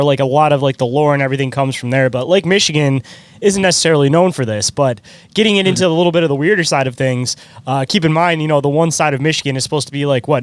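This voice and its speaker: A man's voice: fairly high pitch, dry recording. A man chatting casually on a podcast, loose and rambling with lots of filler words. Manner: rapid, loose, full of "like" and "dude". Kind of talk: casual chat.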